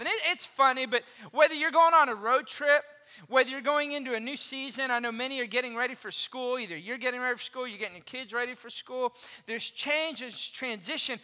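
A pastor in his forties giving an animated, conversational sermon and asking the congregation questions. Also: very high-pitched, a little fast. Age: 40s. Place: church auditorium. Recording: reverberant hall.

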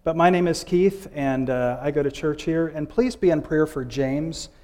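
A man preaching in a loose, conversational way, often restarting his sentences. His voice sits somewhat high for a man. A long hall reverb trails behind his words. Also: normal speed, a little mellow. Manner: conversational, with frequent fillers and restarts. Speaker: guest preacher. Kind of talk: sermon.

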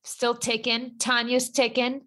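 A woman's voice: on the high side, completely flat delivery, measured pace, pushed and bright. A young adult woman chatting casually as a guest, rambling with lots of fillers. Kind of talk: casual chat.

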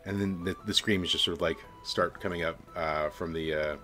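A man narrating as game master of a tabletop game, relaxed and full of fillers. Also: sits low, moderate pace, faint music behind.

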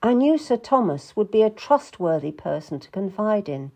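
A woman narrating a first-person historical novel, measured and reflective in her delivery. Her voice sits at an ordinary middle pitch for a woman. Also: very animated, vocal fry, a little mellow. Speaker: audiobook narrator.

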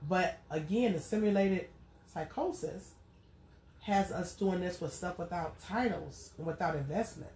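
A woman's voice: on the low side, a little slow, a little mellow, a little hiss or hum. A woman hosting a podcast, talking in a loose, rambling monologue full of casual asides and repeated "you know what I'm saying.". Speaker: podcast host.

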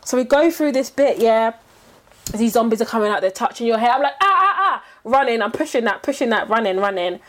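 A woman telling a scary story in casual chat as podcast co-host, animated and laughing as she acts out quotes. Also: fairly high pitch, brisk.

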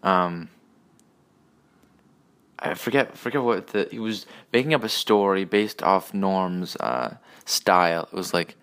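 A man with a lowish voice rants alone on his podcast. He swears freely, trails off, restarts, and drifts from one aside to the next with a sarcastic edge. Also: lively intonation, slow, pauses often, fairly bright tone, smooth. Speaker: podcast host. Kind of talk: solo ranting monologue.

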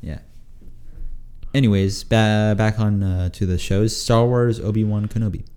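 A man's voice: on the low side, fairly even intonation, a little slow, mellow, clean tone. A young man hosting a podcast, talking casually and hesitantly, with many fillers and frequent laughs. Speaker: podcast host. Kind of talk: casual chat.

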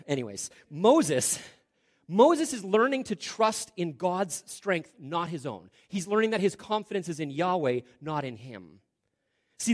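A man preaching a sermon, conversational and full of rhetorical questions, often dropping to quiet emphasis. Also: high voice. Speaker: pastor.

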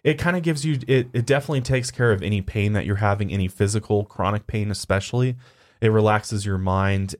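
Low-voiced man chatting on a podcast. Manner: relaxed, rambling, frequent "you know" and "um". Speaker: podcast co-host. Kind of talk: casual podcast chat.

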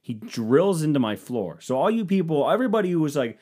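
A man telling a crude, animated comic story about laying a floor, acting out his friends' lines in low mumbles. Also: fairly quick, few pauses, breathy edge. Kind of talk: profane comedic storytelling.

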